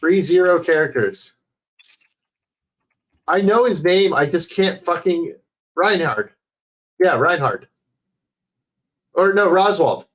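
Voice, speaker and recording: A man chatting casually on a livestream into a headset mic, rambling, swearing often and filling pauses with "uh". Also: fairly high pitch, expressive, fairly bright tone. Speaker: streamer.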